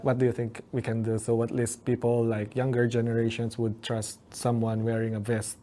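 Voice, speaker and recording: A man's voice: medium pitch, completely flat delivery, moderate pace, warm tone. A man hosting an interview, asking short, probing questions. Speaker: podcast host.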